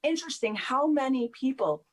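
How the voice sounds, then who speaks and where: An earnest woman speaking as a guest on a talk show. Her voice sits fairly high, and she talks in a warm, heartfelt way. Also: lively intonation, moderate pace. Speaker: animal communicator guest. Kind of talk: casual talk show chat.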